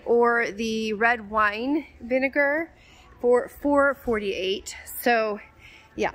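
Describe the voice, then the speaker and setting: A woman's voice: a little high, rough recording. Gushing woman vlogging a store walk-through. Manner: gushing, chatty, addresses viewers as "you guys". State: out of breath. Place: large warehouse store.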